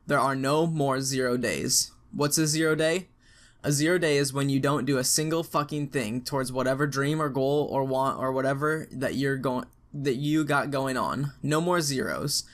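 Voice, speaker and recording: A man's voice: mid-range voice, fairly bright tone. Young man reading out frank advice. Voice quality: frank and profane, with slangy asides. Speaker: narrator reading out an online post. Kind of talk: reading aloud an advice post, casual and emphatic.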